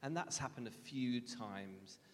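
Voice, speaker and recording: A man's voice: medium pitch, a little slow, slight background noise. A man, a guest speaker, candidly telling a personal faith story in a self-deprecating way, recorded in a large reverberant hall.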